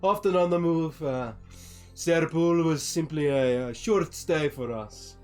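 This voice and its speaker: A man voicing a courteous male Vistani caravan traveler who talks politely, pausing with fillers. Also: fairly high pitch, darkish tone, faint music behind, pitched above the performer's own voice, lightly acted.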